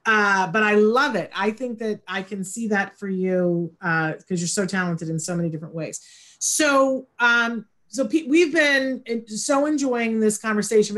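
A woman's voice: mid-range voice, fairly bright tone. A woman hosting an interview casually, enthusiastic and full of praise for her guest. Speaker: interview host.

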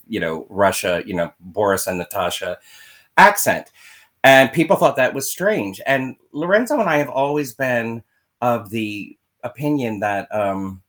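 A man with a lowish voice co-hosting a relaxed film chat. He tells stories with animation and states his opinions firmly, sometimes slowing to stress a point. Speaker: podcast co-host. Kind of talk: casual chat about film.

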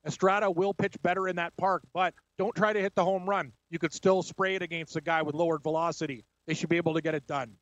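A high-voiced man co-hosts a sports radio show, giving brisk, confident breakdowns of games and betting odds. His voice is dry and close, with a slightly dulled top end. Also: fairly even intonation, no room sound, lo-fi sound. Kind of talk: casual sports talk.

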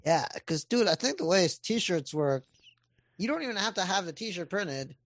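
A man who is a podcast guest in casual chat, talking haltingly with many fillers and some swearing. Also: high-pitched, very animated, dry recording. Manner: halting, filler-heavy, profane.

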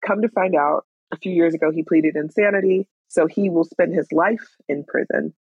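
Gravelly, husky woman in her thirties. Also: on the low side, moderate pace, dry recording, lo-fi sound. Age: 30s. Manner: frank, candid, blunt with swearing. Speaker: storyteller. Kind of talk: personal storytelling.

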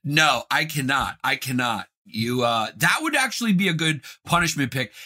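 A man's voice: mid-range voice, lively intonation, normal speed, bright, forceful tone. A man co-hosting a casual chat, joking and self-deprecating. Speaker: co-host.

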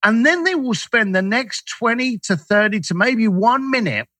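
A man's voice: high-pitched, lively intonation, moderate pace, bright, forceful tone, dry recording. A man, a guest in an interview, telling stories animatedly and acting out the dialogue he quotes. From Irish, raised in East London. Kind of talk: storytelling interview talk.

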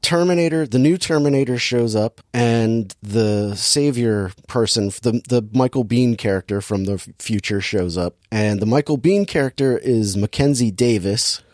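A man's voice: mid-range voice, normal speed, few pauses, a little mellow, no room sound. A man recapping a movie in casual chat, rambling and joking as he acts out the scenes.

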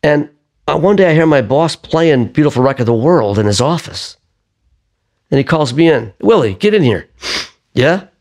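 An older man, a singer-songwriter, telling lively stories in an interview and acting out the voices of the people in them. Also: fairly high pitch, normal speed. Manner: lively raconteur who acts out quoted voices. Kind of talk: conversational storytelling interview.

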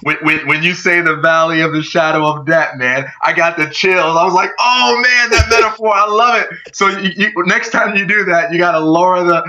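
A man's voice: a little high, fairly even intonation, brisk, few pauses, bright, forceful tone, rough recording. A man co-hosting a podcast in casual chat, joking and playful. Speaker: podcast co-host.

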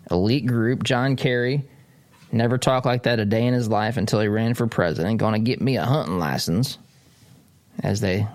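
A man's voice: mid-range voice, dry recording. A man hosting a political commentary show from a desk, talking in a casual, digressive way with frequent restarts. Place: studio desk.

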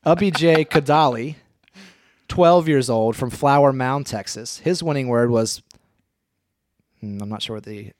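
A man's voice: medium pitch, darkish tone, no echo, studio quality. Laid-back man reading quiz clues. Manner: laid-back, reads clues haltingly with fillers and laughs. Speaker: podcast host. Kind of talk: casual chat, quizzing a co-host.

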